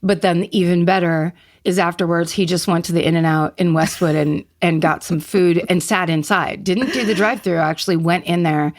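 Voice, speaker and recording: A Californian woman co-hosts a podcast, talking earnestly and with enthusiasm. She speaks in a casual, conversational way, in a slightly low voice. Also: steady tone, normal speed, hardly any pauses. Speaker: podcast co-host. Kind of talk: casual chat.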